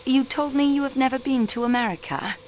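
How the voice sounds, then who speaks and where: The voice is high but darkish in tone, fairly quick and natural, with a little hiss or hum. A young woman is voicing a poised, persistent amateur detective for a mystery game: a railway clerk playing sleuth, sharp, cool and persistent, who drops French phrases into her probing questions. The clip is video game voice acting.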